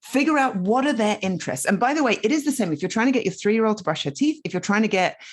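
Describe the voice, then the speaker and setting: A woman guest on a podcast, a storytelling coach explaining her ideas in casual, animated conversation. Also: mid-range voice, quick pace, husky. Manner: animated, explaining with many asides.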